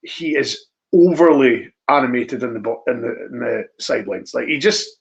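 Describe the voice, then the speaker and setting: A man co-hosts a casual football chat, rambling through his points with restarts and short laughs. His voice sits at an ordinary middle pitch. The audio comes through dull and lo-fi. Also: lively intonation, moderate pace, gravelly. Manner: rambling, hesitant, laughs often. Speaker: podcast co-host.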